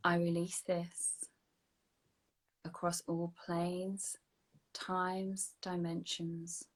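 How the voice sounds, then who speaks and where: A woman guiding a slow, soothing breathing and energy healing meditation, sometimes dropping to a soft whisper. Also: on the low side. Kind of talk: guided meditation. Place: online video session.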